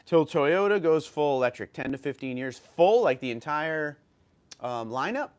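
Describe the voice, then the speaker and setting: A man's voice: fairly high pitch, lively intonation, moderate pace, clear, resonant tone. Chatty New York man hosting a livestream. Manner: chatty, thinking aloud with fillers and restarts. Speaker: livestream host. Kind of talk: casual livestream chat reading viewer comments.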